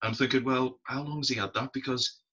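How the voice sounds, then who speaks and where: A man's voice: medium pitch, steady tone, a little fast, pushed and bright, husky. A man co-hosting a podcast, chatting casually with wry jokes. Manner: wry, joking asides. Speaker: podcast co-host. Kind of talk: casual chat. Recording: dull lo-fi podcast audio.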